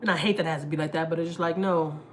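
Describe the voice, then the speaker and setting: A woman's voice: sits low, fairly even intonation, very fast, slight background noise. A woman, chatting candidly on a family vlog livestream and venting about family troubles, swearing freely. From Houston, Texas. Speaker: family vlogger. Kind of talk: casual live-stream chat.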